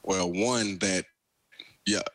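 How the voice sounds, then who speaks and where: A young man, a football player telling stories in a casual radio interview, energetic and quick to laugh. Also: sits low, no room sound, low-quality recording. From Alabama, US South. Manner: energetic storyteller, laughs often.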